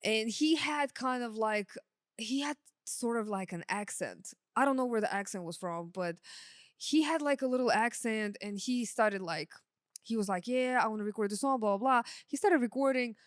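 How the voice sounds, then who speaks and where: A woman's voice: a little high, expressive, moderate pace, no echo, studio quality. A young woman, a sound engineer whose first language is not English, telling stories in a casual podcast chat, laughing often and using many fillers.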